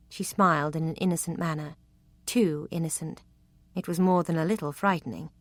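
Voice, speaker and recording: A woman narrating a historical romance audiobook in an expressive, intimate storytelling manner. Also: sits low, fairly quick, no echo.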